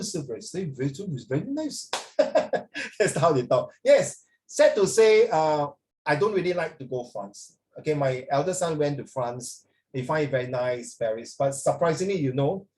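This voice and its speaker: Middle-aged Singaporean man teacher, blunt and opinionated, slightly raised pitch. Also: darkish tone, poor audio. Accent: Singaporean English. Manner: opinionated, blunt, mixes English with Mandarin. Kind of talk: classroom lecture.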